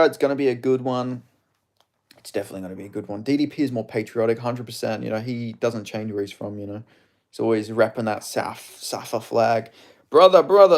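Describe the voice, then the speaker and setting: A man chatting casually on a live stream, answering viewer questions in a loose, rambling way. His voice sits at an ordinary middle pitch. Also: steady tone, brisk, darkish tone.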